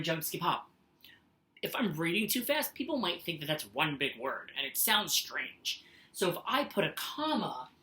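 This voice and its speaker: Patient woman teaching a lively lesson. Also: mid-range voice. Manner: patient, sing-song, reads sentences aloud with exaggerated expression. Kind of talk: recorded classroom lesson. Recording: echoey room.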